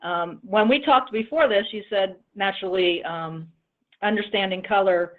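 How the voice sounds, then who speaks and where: A woman's voice: mid-range voice, moderate pace. A woman hosting a casual interview chat, friendly with hesitant ums. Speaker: host. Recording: tinny phone-like line.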